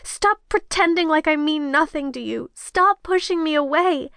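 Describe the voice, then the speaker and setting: A woman's voice: high voice, moderate pace, vocal fry, fairly bright tone, no echo, studio quality, voice pushed up. A woman voicing a distraught young woman who pleads, her voice cracking as she chokes on her words. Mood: desperate.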